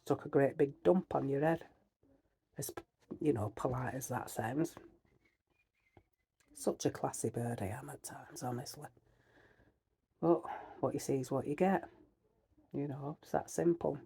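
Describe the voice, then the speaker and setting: A woman's voice: very deep voice, unhurried, long pauses, dark tone, slight background noise. A middle-aged woman with a Northern English accent, chatting bluntly to camera in a rambling way, full of fillers. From Northern England. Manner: heated, ranting. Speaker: vlogger. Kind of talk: casual chat to camera.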